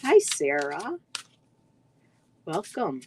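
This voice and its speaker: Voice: medium pitch, wildly swooping pitch, drawn-out words, slight background noise, low-quality recording. A card reader hosting a casual livestream, greeting viewers in the chat by name and now and then tripping over words.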